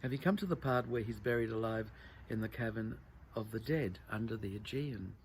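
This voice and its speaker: A man voicing a calm, wry older man at a desk who talks in a dry, gently teasing way, within a literary reading. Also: fairly low pitch, brisk, a little hiss or hum, lightly acted.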